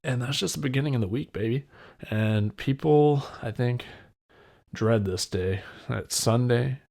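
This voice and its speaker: A man's voice: mid-range voice, normal speed, vocal fry, darkish tone. A man in his twenties hosting a solo podcast, rambling candidly and poking fun at himself, with wet mouth sounds when he talks. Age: 20s. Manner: rambling, self-deprecating, candid. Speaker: podcast host. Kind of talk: solo casual podcast chat.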